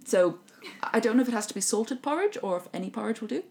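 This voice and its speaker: An Irish woman co-hosting a podcast, retelling a folk tale in a lively, joking chat. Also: fairly high pitch, fast talker. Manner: animated, joking narration. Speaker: podcast co-host. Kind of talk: casual storytelling chat.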